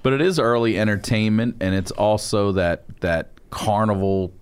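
A man's voice: lowish voice, moderate pace, clean tone. A man guesting on a comedy podcast, blunt and incredulous, swearing freely as he riffs. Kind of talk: casual comedic banter.

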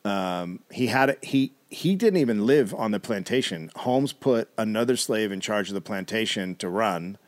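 A man with a fairly low voice recounts a story for a comedy podcast in an easy conversational tone. He drops in wry, blunt asides and the occasional swear as he goes. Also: expressive, normal speed, few pauses. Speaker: podcast co-host telling the story. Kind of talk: casual storytelling chat.

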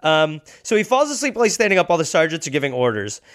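A man's voice: on the high side, very animated, fast talker, fairly bright tone. A man hosting a comedy podcast, telling a history story casually with jokey asides. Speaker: podcast host.

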